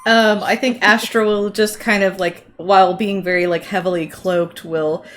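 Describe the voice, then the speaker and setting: A woman's voice: medium pitch, fairly even intonation, moderate pace, fairly bright tone. A woman player in a tabletop game, tentatively describing what her character does. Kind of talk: tabletop play.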